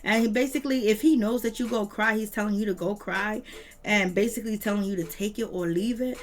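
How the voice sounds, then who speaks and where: Woman vlogger, mid pitch, emphatic slangy recap talk, piles up repeated phrases. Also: steady tone, fairly quick. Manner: slangy, emphatic, repetitive lists; retells scenes with quoted voices. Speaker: reality TV recap commentator. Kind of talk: casual recap commentary.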